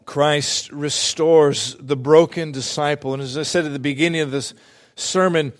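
A man preaching a sermon as pastor, earnest and deliberate, repeating key phrases for emphasis. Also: on the high side, steady tone.

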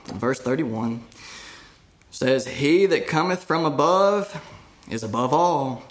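A middle-aged man preaching a sermon, earnest and emphatic, rising to loud declarations and dropping to hushed asides. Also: medium pitch.

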